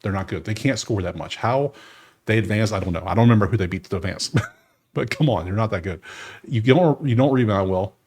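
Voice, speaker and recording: A man with a lowish, brisk voice and a breathy edge hosts his sports betting channel. He casually thinks aloud through his bracket picks in an animated monologue, talking straight to the teams.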